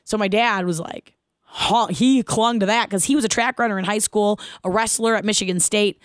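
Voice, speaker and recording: A woman in her thirties hosting her own podcast, telling a personal story in an animated, casual way, laughing as she goes and asking listeners questions. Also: medium pitch, moderate pace, dry recording, studio quality. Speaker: podcast host.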